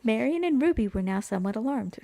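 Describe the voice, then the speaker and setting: A woman narrates a history story on a casual podcast, often breaking into laughter and swearing. Her voice sits a bit high and has a gravelly edge. The sound is dry and close. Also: animated, fairly quick, warm tone, no echo. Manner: laughs through her lines, frequent swearing.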